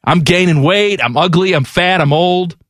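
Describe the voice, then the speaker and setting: A middle-aged man hosting a radio sports talk show, joking and animated. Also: high-pitched, normal speed, no echo, clean studio sound. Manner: animated, joking, yelling bits. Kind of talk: casual radio banter. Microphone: studio microphone.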